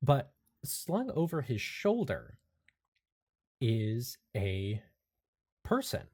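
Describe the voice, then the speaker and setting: A man narrating as game master of a tabletop role-playing game, describing scenes in a relaxed way with fillers. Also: medium pitch, drawn-out words, slightly rough.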